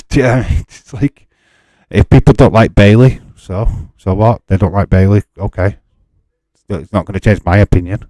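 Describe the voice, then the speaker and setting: A man hosts a live stream in a casual, chatty way, often laughing and pushing back at his viewers. His voice sits fairly low with a warm, mellow tone. The sound is close and dry, with no room echo. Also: fairly even intonation, moderate pace. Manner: exasperated, chatty, laughs often, reads chat aloud.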